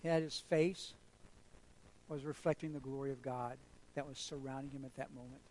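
A man's voice: mid-range voice, fairly even intonation, moderate pace, darkish tone, slight background noise, poor audio. A man preaching a sermon as pastor, emphatic and storytelling, repeating phrases for effect.

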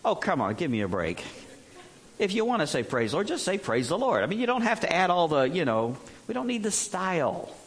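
A middle-aged man preaching in a relaxed, conversational way, his voice sitting a bit high. He cracks jokes and now and then bursts into exaggerated, mocking impressions of other preachers. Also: brisk. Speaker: pastor. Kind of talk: sermon.

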